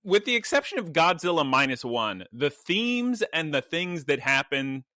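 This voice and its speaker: A man's voice: on the high side, sing-song, moderate pace, sharp tone, dry recording, studio quality. A man co-hosting a podcast in casual chat, telling stories with laughs and animation. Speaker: podcast co-host.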